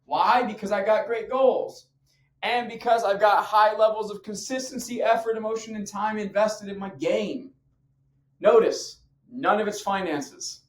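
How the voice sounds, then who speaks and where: A man's voice: sits high, steady tone, a little slow. A man coaching on fitness habits in an emphatic, slangy, punchy motivational talk to camera. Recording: echoey room.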